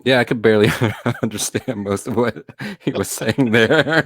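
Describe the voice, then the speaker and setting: A man's voice: medium pitch, moderate pace, fairly bright tone, no echo, studio quality. A man co-hosting a casual chat, bemused and laughing as he talks. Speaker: co-host.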